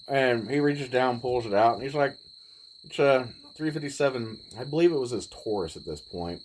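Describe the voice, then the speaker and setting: A man's voice: medium pitch, a little mellow, a little hiss or hum, poor audio. Laid-back man in his forties telling stories. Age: 40s. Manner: laid-back, rambling, folksy, with pauses. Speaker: vlogger. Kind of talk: casual storytelling.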